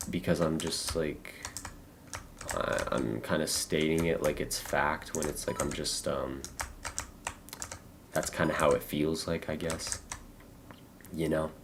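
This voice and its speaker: A young American man streaming a game, talking in a loose, halting, rambling way full of fillers and restarts. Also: a bass voice, a little hiss or hum. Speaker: livestreamer. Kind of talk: casual rambling gameplay chat.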